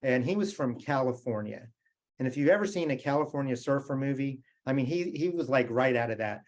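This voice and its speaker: A man's voice: medium pitch, expressive, a little fast. A middle-aged man from the United States giving a motivational keynote, telling stories in a conversational way and asking the audience questions. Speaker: keynote speaker.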